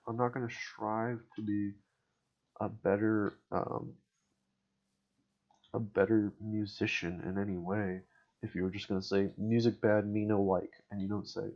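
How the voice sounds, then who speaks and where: A man's voice: on the low side, little pitch movement, measured pace, pauses often, a little mellow. A man ranting sarcastically in casual chat about a game, swearing often. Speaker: podcast host. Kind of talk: casual gaming rant. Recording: dull lo-fi mic.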